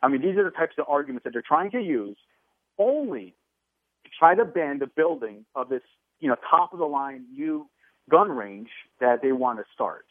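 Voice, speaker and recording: A man's voice: mid-range voice, lively intonation, normal speed, no room sound. A man speaking as a guest over a tinny phone line, the sound dry and narrow. He talks in a heated, indignant way, pressing his complaints. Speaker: guest, gun rights advocate. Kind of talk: phone interview on talk radio.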